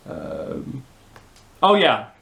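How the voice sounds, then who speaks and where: Man, Doncaster accent, mid pitch, blunt crude casual chatter, echoey room. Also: wildly swooping pitch, gravelly, pushed and bright. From England. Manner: quick, blunt and crude, self-mocking. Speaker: co-host. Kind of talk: casual chat. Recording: roomy echo.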